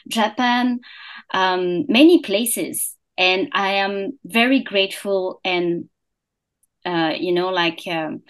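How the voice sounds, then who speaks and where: A young French woman, a podcast founder, chatting in an interview, hesitant with many fillers and restarts. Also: mid-range voice. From France. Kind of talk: casual interview chat.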